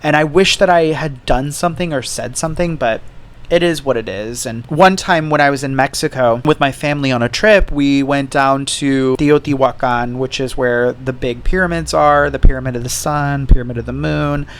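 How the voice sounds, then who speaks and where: A man's voice: mid-range voice, normal speed. A man hosting a podcast alone, telling candid stories in casual chat and swearing freely. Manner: candid storytelling, heavy swearing. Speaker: podcast host.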